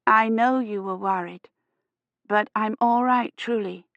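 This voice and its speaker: A woman voicing a frightened young historian, her words halting and shaky with fever. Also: a little high, creaky, fairly bright tone, no room sound, muffled recording. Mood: feverish. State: teeth chattering with fever.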